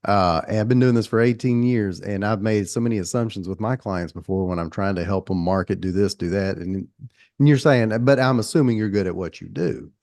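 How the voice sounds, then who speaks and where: A middle-aged man with a Southern country accent and a low voice hosting a podcast. He rambles in a folksy, self-deprecating way, recorded dry and close with no room sound. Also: a little fast, a little mellow, dry recording. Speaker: podcast host. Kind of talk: conversational podcast interview.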